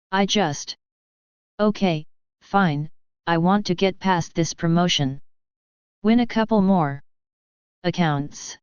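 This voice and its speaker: A woman's voice: fairly low pitch, a little mellow, clean tone, no room sound, close to an everyday voice. A woman voicing a stressed, defensive boyfriend. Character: stressed young man, ambitious boyfriend. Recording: slightly dull, dry close recording.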